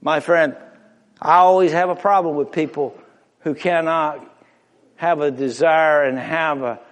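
A man preaching a sermon to a congregation in a church, impassioned, swinging from loud emphatic rises to hushed near-whispers. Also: a little high, fairly even intonation, a little slow. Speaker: pastor. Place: church sanctuary before a congregation. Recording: long reverb of a large hall.

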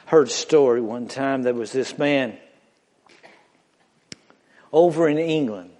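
A man preaches a slow, drawn-out sermon with dramatic pauses, sinking into hushed, low phrases before rising to shouted climaxes.

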